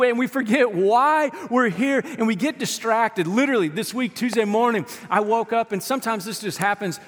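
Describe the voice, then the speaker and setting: A pastor in his thirties, his voice high for a man, preaching with animated, humorous storytelling. His words carry a long reverb through the church hall. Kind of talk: sermon. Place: church sanctuary.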